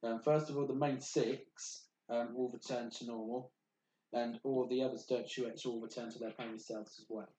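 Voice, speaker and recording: A man narrating a tabletop game as game master, halting with many ums and restarts. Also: medium pitch, level tone, warm tone. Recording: echoey room.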